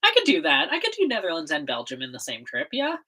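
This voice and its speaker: A young woman from the States hosts a relaxed livestream from home, talking straight into her computer mic. She is bubbly and giggly, scattering fillers and little laughs through every thought. Her fairly low voice swings widely in pitch as she chats. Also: fast. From United States. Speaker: livestream host. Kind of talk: casual livestream chat.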